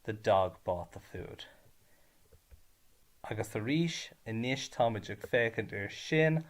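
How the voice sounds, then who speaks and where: A man teaches an Irish grammar lesson slowly and deliberately, his fairly low voice expressive as he moves between Irish and English. He stresses each word ending so the lesson stays clear.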